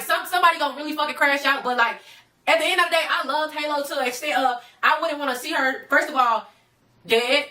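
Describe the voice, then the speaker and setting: A woman telling a personal story casually to her viewers, profane and animated, often calling out to them as y'all. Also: high-pitched, distant mic.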